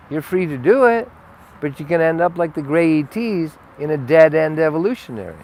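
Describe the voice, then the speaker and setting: A man giving an unscripted spiritual monologue, rambling and blunt, with frequent swearing and sudden swings between loud and soft. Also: on the high side, expressive, normal speed. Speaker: spiritual teacher.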